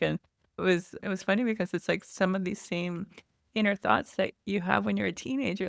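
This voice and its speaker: A woman's voice: medium pitch, steady tone, fairly quick, vocal fry, no echo, studio quality. A woman in her forties, a podcast guest, explaining things in a chatty way with light laughs. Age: 40s. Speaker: podcast guest, online store founder. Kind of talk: casual interview chat.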